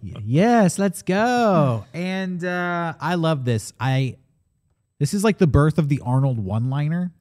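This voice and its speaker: A man's voice: on the high side, measured pace. A man co-hosting a casual movie discussion, telling stories with energy and acting out the quotes. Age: adult, grew up watching 1980s-90s films. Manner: animated storytelling, acts out quotes. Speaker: podcast co-host.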